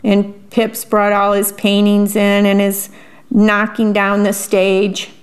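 A woman reading a picture book aloud and pausing to describe the pictures in a chatty aside. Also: mid-range voice, completely flat delivery. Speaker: storyteller.

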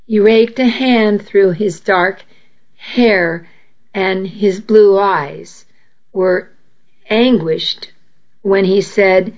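A woman narrates a first-person story at an unhurried pace, measured and a little halting at times. Her voice sits mid-range, and the recording sounds dull and lo-fi. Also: mid-range voice. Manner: measured, with small restarts.

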